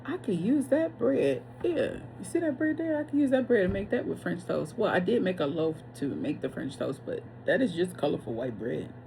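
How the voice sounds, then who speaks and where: A woman's voice: on the low side, sing-song, normal speed, gravelly, hardly any pauses, dark tone, slight background noise. A woman giving a casual tarot reading, chatty and blunt, swearing freely and wandering off on tangents. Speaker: tarot reader.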